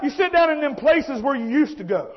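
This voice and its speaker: A man preaching a fervent, folksy sermon that often rises into shouting. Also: very high voice, animated, fairly quick, a crowd in the background. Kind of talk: fiery sermon. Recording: dull lo-fi sound.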